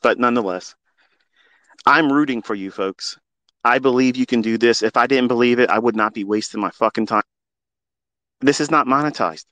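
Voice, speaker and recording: A man's voice: mid-range voice, moderate pace, long pauses, fairly bright tone, no echo. A middle-aged man talking into a phone as a trading mentor, in a passionate, preachy monologue with blunt swearing. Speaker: trading mentor hosting a live audio space. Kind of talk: unscripted heartfelt monologue.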